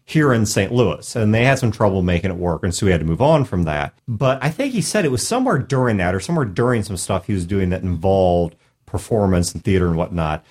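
An animated man swapping stories on a podcast. His voice swings up and down lively as he tells them, and laughter keeps slipping in. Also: sits low, fairly quick. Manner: animated storyteller, laughs often. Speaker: podcast host. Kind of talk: casual chat.

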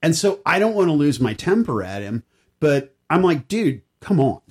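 Male podcast co-host, higher-pitched, emphatic animated storyteller. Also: normal speed, slightly rough. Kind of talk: casual chat.

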